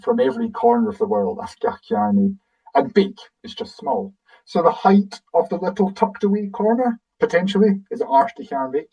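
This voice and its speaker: A man's voice: on the high side, dark tone, far from the mic, rough recording. A man with a Scottish accent, a guide explaining things casually in a webinar and thinking aloud as he answers audience questions over a video call.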